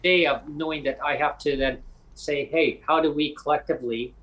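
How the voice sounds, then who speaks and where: A man from Canada hosting a casual podcast conversation, talking in an animated, rambling way with frequent restarts. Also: on the high side, moderate pace, poor audio. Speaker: podcast host.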